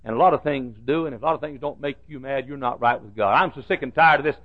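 A man preaching a fiery fundamentalist sermon, swinging from hushed asides to shouted warnings. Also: medium pitch, quick pace. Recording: dull lo-fi old recording.

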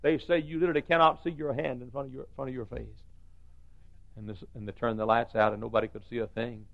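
A male pastor preaching a sermon in a church, swinging from near-whispers to shouts. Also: medium pitch, level tone, fast talker, gravelly, no room sound, muffled recording. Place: church sanctuary.

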